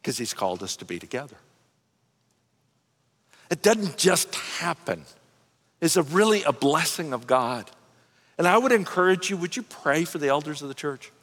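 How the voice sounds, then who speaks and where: High-voiced pastor preaching in echoing hall. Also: male voice, big pitch swings, moderate pace, long pauses, fairly bright tone. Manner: earnest, folksy, with frequent restarts and "man" asides. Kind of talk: conversational sermon. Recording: long reverb of a large hall.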